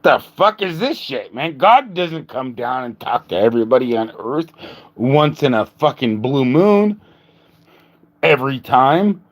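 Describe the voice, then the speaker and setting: A man's voice: medium pitch, sing-song, a little slow, highs cut off. A man hosting a livestream, rambling in a joking, casual way, laughing often and swearing. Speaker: livestream host. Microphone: phone.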